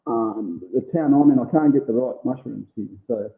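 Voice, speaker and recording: A man's voice: medium pitch, moderate pace, creaky. A man, a guest in a casual chat, giving short, hesitant answers with many "um"s. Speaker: guest, jerky maker. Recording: tinny phone-like line.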